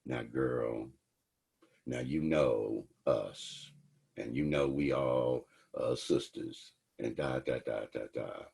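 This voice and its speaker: Man playing a two-faced lady cop, coaxing, slow drawl, low gravelly voice. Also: a little mellow, full character voice. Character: scheming female police officer, falsely sisterly.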